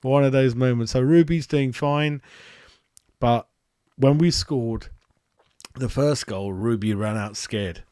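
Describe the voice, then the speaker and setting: A man chats through a live fan reaction, excitable and matey, greeting viewers by name. His voice sits at a middle pitch. The sound is dry and close, with no room around it. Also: slow, pauses often, no room sound. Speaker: fan channel host. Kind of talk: live match reaction chat.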